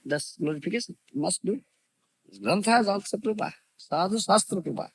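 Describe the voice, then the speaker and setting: A spiritual teacher delivers a devotional lecture, emphatic and repetitive, often asking "you understand?" and laughing. His high, expressive voice moves fairly quickly, with vocal fry, a breathy edge, and no room sound.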